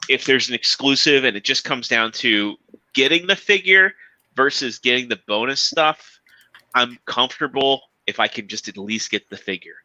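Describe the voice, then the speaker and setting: A man's voice: medium pitch, lively intonation, normal speed, sharp tone, no echo, low-quality recording. A man co-hosting a podcast, chatting casually about his toy collection, rambling and restarting his sentences often. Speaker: podcast co-host. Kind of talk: casual chat.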